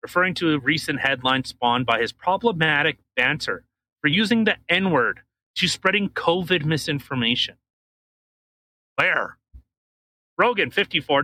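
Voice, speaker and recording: A man's voice: on the high side, pushed and bright. A man co-hosting a comedy podcast who chats casually, jokes and reads news articles aloud in a rambling way. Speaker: podcast co-host.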